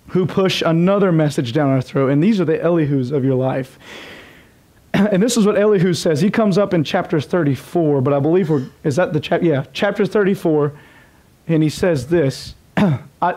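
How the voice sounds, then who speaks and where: A pastor preaching a sermon, reading scripture aloud and breaking off into casual, joking asides. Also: male voice, fairly high pitch, darkish tone.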